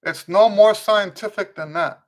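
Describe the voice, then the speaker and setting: A man hosting a live trumpet Q&A, answering viewers' questions in a relaxed, conversational way, often restarting and checking in with "okay?". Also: high voice, a little slow. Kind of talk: casual livestream teaching, answering viewer questions.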